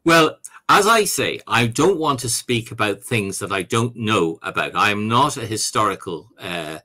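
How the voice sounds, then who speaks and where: Male guest, lowish bright voice, halting answers full of fillers, video call. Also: animated. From Ireland. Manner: hesitant, many fillers and restarts. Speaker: author and academic guest. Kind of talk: conversational Q&A answers.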